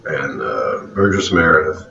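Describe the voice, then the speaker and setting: A man from South Louisiana co-hosting a casual movie chat, relaxed and opinionated, chuckling often. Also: very deep voice, unhurried, creaky. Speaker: co-host of a movie review show. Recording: roomy, distant, dull, faint background hiss.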